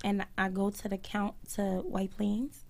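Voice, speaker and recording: A woman's voice: medium pitch, steady tone, unhurried, creaky. A woman, a guest earnestly telling a personal story on a live talk stream and acting out what others said. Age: 30s.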